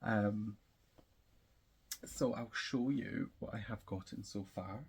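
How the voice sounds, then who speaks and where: A man's voice: on the low side, steady tone, slow, creaky, slight background noise. A man hosting a crafting podcast, chatting in a rambling way with lots of ums and likes and easy laughs. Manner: laughs easily. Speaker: podcast host. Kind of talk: casual chat about knitting and crochet projects.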